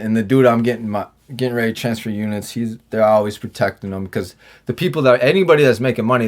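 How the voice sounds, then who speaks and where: A fairly low-voiced former prisoner appears as a podcast guest in a casual storytelling interview, profane and rambling with filler-heavy restarts. He acts out his own lines and other people's in quoted dialogue.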